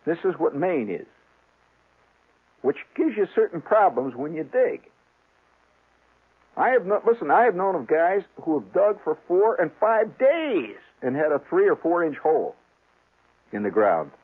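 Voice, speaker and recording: A man telling a rambling, humorous fishing story on the radio, jumping up and down in pitch as he gets worked up. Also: a little slow, long pauses, slightly rough. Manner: rambling, animated, restarts, chuckles. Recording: tinny, phone-like old radio sound.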